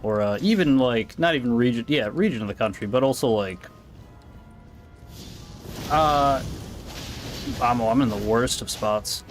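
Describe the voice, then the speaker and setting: A man's voice: mid-range voice, expressive, a little slow, pauses often, soft background music. Rambling American man streaming a game. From United States. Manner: rambling, reacting to chat with asides. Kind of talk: casual live-stream chat while gaming.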